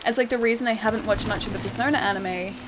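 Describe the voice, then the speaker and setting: On the high side and fast, her voice has fairly even intonation over background noise and clearly audible game music. The Australian woman is live-streaming a game, chatty and laughing often as she reads chat aloud and reacts to the fight.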